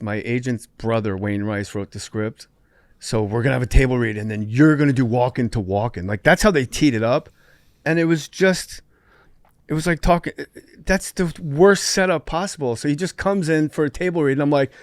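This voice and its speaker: A male podcast host tells animated stories with crude humor. His pitch sits in the middle range, and the studio sound is close and dry. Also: no echo. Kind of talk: casual chat.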